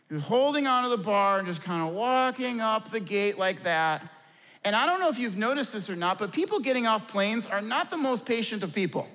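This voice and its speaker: A man with a fairly high voice preaches a sermon in a large church auditorium, his words trailing into a long hall reverb. He tells stories from the pulpit and drops low and gentle whenever he lands a key point. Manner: storytelling, dropping low and soft for key points. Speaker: pastor.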